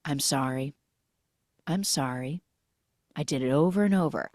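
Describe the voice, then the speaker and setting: An unhinged billionaire villain who taunts and then rants in frantic shouts, as a low-voiced woman quotes him. The voice sits low and sounds dry and close. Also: big pitch swings, a little slow, dry recording. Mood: ranting.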